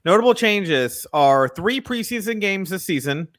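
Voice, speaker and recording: A man's voice: sits high, animated, measured pace, fairly bright tone. A man co-hosting a casual sports chat, joking and sarcastic, often talking over his partner. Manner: joking, sarcastic, talks over the other host. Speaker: co-host. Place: Texas.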